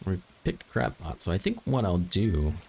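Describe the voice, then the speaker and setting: A man's voice: sits low, very animated, moderate pace, creaky, a little mellow, a little hiss or hum. A man casually commentating a farming game as he plays, thinking aloud and dropping dry, self-mocking jokes. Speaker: gaming channel host. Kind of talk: casual let's-play commentary.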